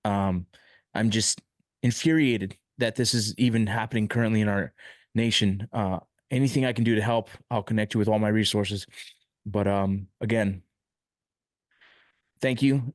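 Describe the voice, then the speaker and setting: A man's voice: fairly low pitch, fairly even intonation, normal speed, long pauses, dry recording, clean studio sound. A man hosting an interview podcast, speaking with emotion and frustration and often stopping and restarting. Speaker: podcast host.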